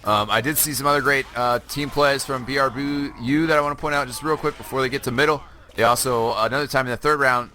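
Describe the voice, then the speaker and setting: Male color commentator for a game stream, mid pitch, bright and tense tone, headset, slight hiss. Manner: analytical, chatty, laughs often, filler-heavy. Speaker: esports co-caster.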